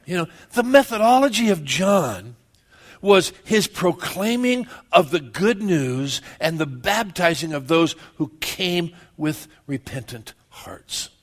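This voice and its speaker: A man's voice: on the high side, sing-song, takes it slowly. Chatty man preaching a sermon. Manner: conversational, asks the congregation questions, joking. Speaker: pastor.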